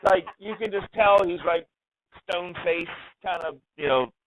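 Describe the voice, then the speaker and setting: Animated male storyteller on a muffled line. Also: high-pitched, normal speed, a crowd in the background. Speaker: guest. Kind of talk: casual storytelling.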